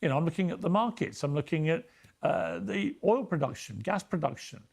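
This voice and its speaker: Grave, measured male pundit. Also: fairly high pitch, gravelly, breathy edge. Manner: deliberate, grave, steady argument. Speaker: news panel guest. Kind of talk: measured political commentary.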